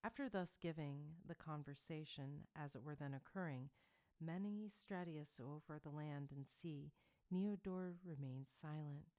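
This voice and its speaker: A woman narrating a historical romance audiobook in a quiet, low-volume reading. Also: a little slow.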